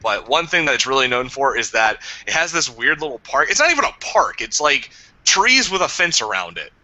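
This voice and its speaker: A young man telling stories as a podcast co-host, animated and acting out the people he quotes. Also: mid-range voice, a little fast, no echo, low-quality recording. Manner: animated storyteller, acts out quotes. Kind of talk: casual chat.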